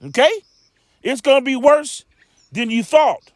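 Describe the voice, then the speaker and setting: A man's voice: very high-pitched, sing-song, measured pace, no room sound. A man teaching scripture in a loose sermon style, rambling and emphatic, with lots of stammering restarts and streetwise asides.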